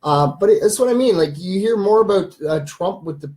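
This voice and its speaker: A man's voice: high-pitched, expressive, a little fast, a little mellow. A young man, hosting a rambling, casual livestream chat and reading viewer comments aloud. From Canada. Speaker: livestream host.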